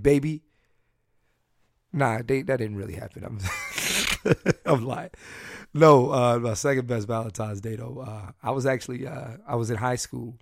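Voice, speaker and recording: A man's voice: medium pitch, vocal fry, no echo, clean studio sound. A man hosting a podcast, telling candid, crude and joking personal stories in a casual solo chat. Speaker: podcast host.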